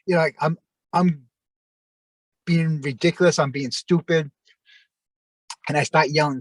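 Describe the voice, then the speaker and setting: A man telling long personal stories in a rambling, halting way, full of restarts. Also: a little high, fairly even intonation, no room sound. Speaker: interview guest. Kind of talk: casual storytelling.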